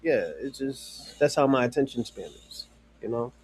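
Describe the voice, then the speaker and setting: A man's voice: medium pitch, expressive, moderate pace, a little mellow, husky. A man chatting casually on a live stream, rambling with many fillers and restarts, swearing freely and talking straight to a viewer in chat.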